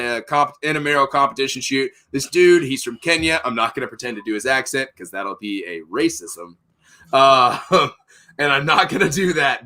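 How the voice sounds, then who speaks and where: A young man tells a war story with loads of swearing and big bursts of energy. His voice sits a bit high and sounds bright and sharp. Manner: profane, animated storyteller. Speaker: podcast host. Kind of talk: casual storytelling.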